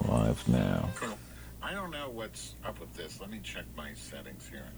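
A man's voice: deep voice, wildly swooping pitch, normal speed, loud music behind the voice. A man hosting a live online talk show alone at his mic, rambling, teasing and crude. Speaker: host. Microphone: desk microphone.

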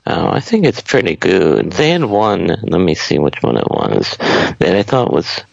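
A man co-hosting a casual podcast chat, talking in a halting, drawn-out way with many pauses. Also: low-pitched, huge pitch swings, vocal fry, no echo. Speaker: podcast co-host. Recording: dull lo-fi dry sound.

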